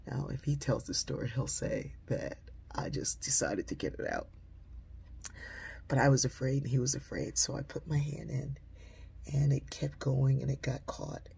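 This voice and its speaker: Woman storyteller with a deeply husky, breathy voice and a warm, dark tone; conversational delivery that hushes for quoted lines. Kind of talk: personal storytelling.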